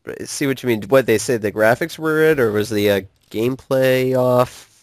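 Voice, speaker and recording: A man ranting about games in casual chat with a friend, animated and quick to curse and laugh. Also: medium pitch, no room sound, studio quality. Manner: animated, swears freely, laughs often. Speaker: co-host of a gaming channel.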